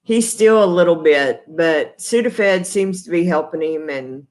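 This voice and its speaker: Speaking at a measured pace in a lowish, slightly mellow voice, a middle-aged Texan woman runs a casual livestream from her kitchen table. Her laptop's built-in microphone picks up her chatty, folksy rambling and frequent fillers.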